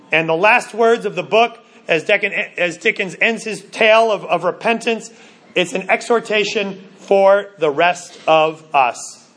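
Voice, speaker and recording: High-pitched guy preaching, earnest, keeps restarting words. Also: fairly bright tone. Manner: earnest, stumbling restarts, slows for emphasis. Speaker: pastor. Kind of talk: sermon.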